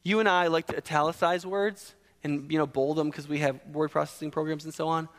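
Emphatic high-voiced male preacher. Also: fairly even intonation, a little fast, in a large hall. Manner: emphatic, asks and answers his own questions. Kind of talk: sermon.

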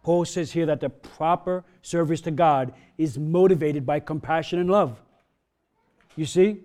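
A man's voice: on the high side, unhurried, warm tone. A male pastor preaching a sermon in a casual, rambling way that builds into emphatic exhortation.

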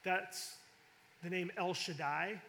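A man's voice: high-pitched, fairly even intonation, slow pace, vocal fry, pushed and bright, a little hiss or hum. A man teaching from the Bible in a conversational, emphatic way, often restarting sentences and using fillers. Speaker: preacher. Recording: long hall reverb.

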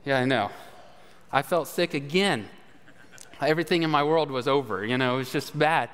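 A man's voice: medium pitch, moderate pace, a bit bright, smooth. A man preaching, telling a folksy, self-deprecating story with many fillers and "all right?" asides. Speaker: pastor. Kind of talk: sermon storytelling. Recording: long hall reverb.

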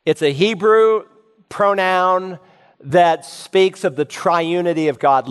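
A man's voice: fairly high pitch, clean tone. A man preaching an expository sermon as pastor, emphatic and instructive as he reads scripture aloud. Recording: long hall reverb.

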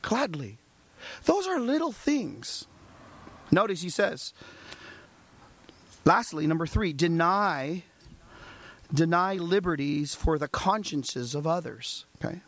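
A man's voice: a little high, sing-song, slow pace, pauses often, a bit bright. A male pastor preaching a sermon, asking the congregation rhetorical questions and acting out little dialogues.

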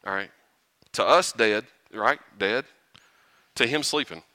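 A man preaching a sermon, animated and often chuckling, building to rhetorical questions. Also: lowish voice, slow, no echo.

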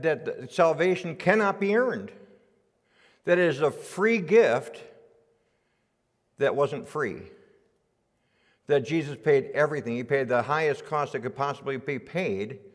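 A man preaching as a guest in a church, telling a folksy joke and repeating his words as he goes. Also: on the high side. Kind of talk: sermon with a joke. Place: church sanctuary. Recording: long church reverb.

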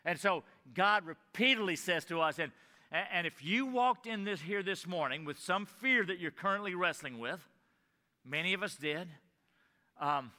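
Bright-toned male preacher in a reverberant hall. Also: high voice, lively intonation, moderate pace. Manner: earnest expository preaching, repeats phrases, drops to hushed tones. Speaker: pastor. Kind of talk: sermon.

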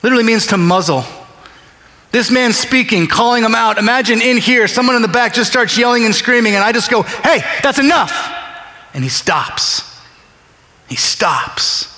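In a very high-pitched, bright and forceful voice, a pastor preaches with animation at a moderate pace. He keeps it conversational, slipping into voices to act out dialogue, and the sound carries the long echo of a large hall.

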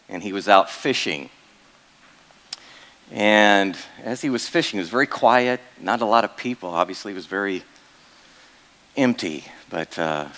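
A man's voice: fairly low pitch, fairly bright tone. A male pastor giving a sermon in a casual, joking way, full of fillers and asides to the congregation. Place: church.

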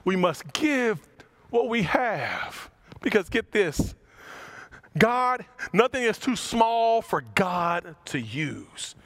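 A man preaching a sermon as pastor, animated, with big swings in pitch and loudness as he acts out the passages. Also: takes it slowly.

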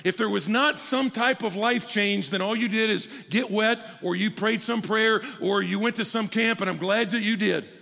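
Man, pastor, high bright voice, animated sermon, hall reverb. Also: normal speed, vocal fry, few pauses. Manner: animated preaching, jokey asides to the crowd. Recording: long hall reverb from a large room.

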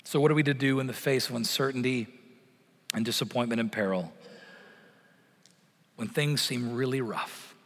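A man's voice: mid-range voice, normal speed, long pauses. Middle-aged male preacher in echoing church. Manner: swells loud on promises, drops to a near-whisper at the close of phrases. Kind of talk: sermon. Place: church sanctuary. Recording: long church reverb.

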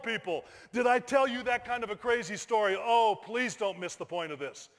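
A middle-aged man, a pastor, telling a lively personal story in a sermon, bursting into shouted exclamations. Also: extremely high pitch. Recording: long hall reverb.

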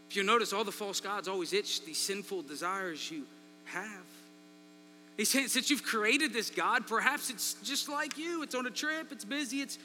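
A man preaching a sermon, swinging between loud emphasis and quiet asides. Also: high voice. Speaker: pastor. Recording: long reverb in a large hall, faint mains hum.

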